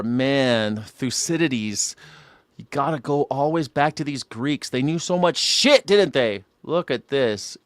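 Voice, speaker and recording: A man's voice: medium pitch, clean tone, dry recording. An American man hosting a news reaction show, talking casually, rambling and swearing, often laughing. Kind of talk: casual live-stream reaction commentary.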